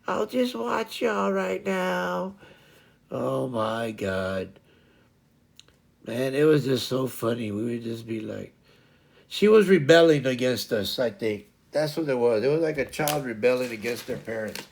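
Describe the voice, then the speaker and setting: A man's voice: mid-range voice, a little slow, creaky, a little mellow. A man hosting his stream, telling a funny story in a rambling way with many fillers, searching for words and laughing as he goes. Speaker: streamer host. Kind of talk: casual storytelling chat.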